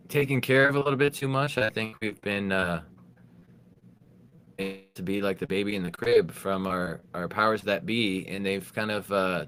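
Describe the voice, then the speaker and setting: A man speaking as a guest on an online panel over a video call, hesitant and full of filler pauses. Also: fairly low pitch, fairly bright tone, clean tone. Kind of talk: casual discussion.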